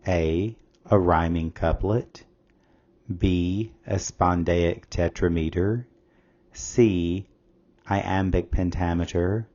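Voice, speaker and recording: In a low, mellow voice, a man acting as a tutor reads a scripted test-prep lesson, measuredly speaking the questions and answer options aloud. The recording has a lo-fi sound.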